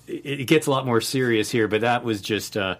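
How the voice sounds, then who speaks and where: A man co-hosting a casual podcast, talking thoughtfully about a favorite scene. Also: mid-range voice. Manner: thoughtful, measured, with fillers. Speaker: podcast co-host. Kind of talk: casual chat.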